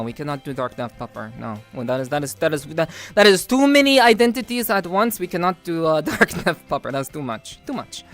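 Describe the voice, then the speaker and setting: A woman streaming live, chatting with her viewers in a deadpan, teasing way with stiff, overly formal phrasing. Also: fairly low pitch. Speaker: VTuber streamer. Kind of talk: casual live-stream chat.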